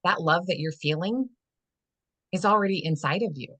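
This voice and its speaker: A woman with a notably low speaking voice explains her coaching ideas in an earnest, meandering way, full of "you know" and restarts. She is a guest in a relaxed podcast conversation. The sound is dry and close, with no room around it. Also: normal speed, no echo. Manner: rambling and earnest, many "you know" fillers, acts out inner dialogue. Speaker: holistic fitness and life coach, guest.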